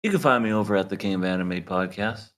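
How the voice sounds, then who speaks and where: A man's voice: fairly low pitch, fast talker, fairly bright tone. A man co-hosting an anime podcast, joking and rambling in casual chat and laughing often. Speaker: podcast co-host.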